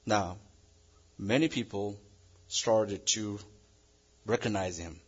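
A male pastor preaching a sermon in English that is not his first language, swinging between loud emphasis and a quiet hush. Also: lowish voice, slow, breathy edge, muffled recording. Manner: non-native English phrasing.

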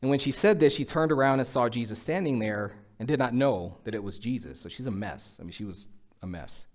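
Middle-aged male pastor, mid-pitched, relaxed conversational sermon delivery. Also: brisk. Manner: conversational preaching, acts out quotes with rising pitch.

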